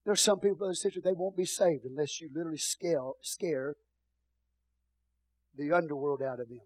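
A middle-aged Texan man preaches, his voice sitting a little high. He drops to soft murmurs and then rises into booming shouts. The sound is close and dry, with little room around it. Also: a little fast, dry recording, rough recording. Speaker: pastor. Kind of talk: sermon.

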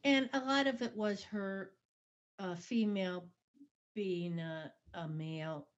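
A woman's voice: mid-range voice, steady tone, takes it slowly. A woman co-hosting a podcast in casual chat, enthusiastic and agreeable. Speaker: podcast co-host. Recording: dull lo-fi audio.

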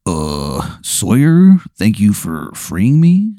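A man voicing a hunched male gargoyle with a gravelly voice that stumbles along on "uh"s. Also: on the low side, wildly swooping pitch, warm tone, no echo, clean studio sound, exaggerated voice. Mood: hesitant. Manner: halting, full of "uh" pauses.

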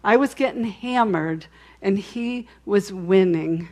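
A woman's voice: mid-range voice, slow pace, darkish tone. Woman preaching a candid personal testimony. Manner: candid storytelling with frequent restarts and asides. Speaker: speaker sharing a testimony. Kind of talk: conversational sermon testimony.

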